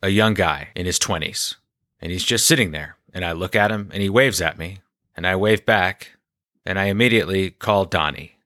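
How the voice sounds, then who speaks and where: Guy telling a story on his podcast, deadpan, bright punchy voice, super dry sound. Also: low voice, moderate pace, no room sound. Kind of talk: personal storytelling.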